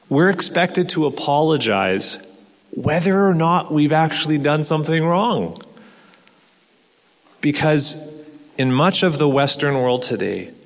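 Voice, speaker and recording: A man's voice: on the high side, fairly bright tone. A man preaching a sermon in an earnest way, asking rhetorical questions and repeating words as he restarts. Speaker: pastor. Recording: long hall reverb.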